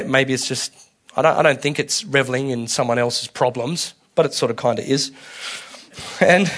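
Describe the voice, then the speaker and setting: A man preaching a conversational sermon, candid and colloquial, restarting phrases and swinging between soft and loud. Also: mid-range voice. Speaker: pastor.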